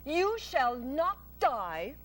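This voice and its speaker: A calm, wise lady spider in a storybook reading, as a woman puts her on, speaking slowly and deliberately with a lilting, lively rise and fall. She sounds practical and unbothered. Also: high voice, voice pushed up, heavily acted. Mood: calm, firm. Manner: measured, cheerfully practical. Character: calm, wise female spider, matter-of-fact. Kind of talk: storybook read-aloud.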